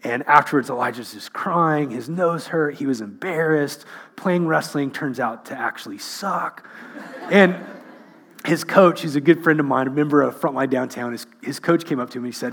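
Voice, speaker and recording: A middle-aged male pastor with a husky, slightly raspy voice sitting a bit high for a man. He preaches through humorous, self-mocking stories and then turns earnest. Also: normal speed, fairly bright tone. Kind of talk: sermon.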